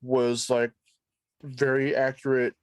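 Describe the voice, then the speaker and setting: A man's voice: mid-range voice, little pitch movement, slow pace, crowd noise. A young man co-hosting a game stream, rambling and correcting himself as he chats. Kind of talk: casual chat.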